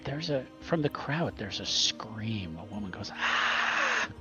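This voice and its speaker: Game master, male, lowish voice, halting delivery, slightly dull lo-fi sound. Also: lively intonation, music in the background. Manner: hesitant, many ums and restarts. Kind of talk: narrating a tabletop game.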